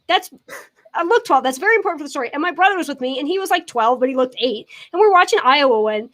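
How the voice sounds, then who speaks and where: A young woman, a podcast guest, telling an animated story in casual chat, with lots of fillers. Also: high-pitched, quick pace.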